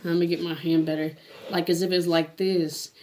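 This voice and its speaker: A woman sharing a personal faith testimony in a casual, earnest way, reading from her journal and often pausing and restarting, sometimes dropping to a hush. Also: lowish voice, level tone. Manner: halting and earnest, with many restarts and fillers.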